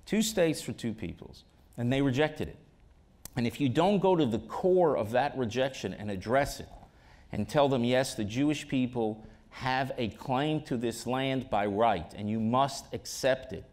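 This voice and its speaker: A man's voice: mid-range voice, a little slow, a little mellow. A man speaking as a guest in an onstage conversation, making emphatic arguments with the odd wry joke. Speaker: ambassador, interview guest. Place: auditorium stage.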